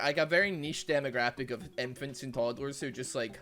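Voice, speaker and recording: A man with a Glaswegian Scottish accent giving chatty, excitable commentary over his game, laughing often and trailing off into fillers. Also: a little high, normal speed, soft background music. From Glasgow, Scotland. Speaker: streamer. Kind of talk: casual gameplay commentary.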